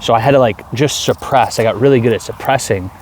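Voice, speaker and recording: A man in his thirties, talking earnestly in a rambling personal video diary, with many halting restarts. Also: medium pitch, a little mellow, slight background noise. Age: 30s. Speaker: vlogger.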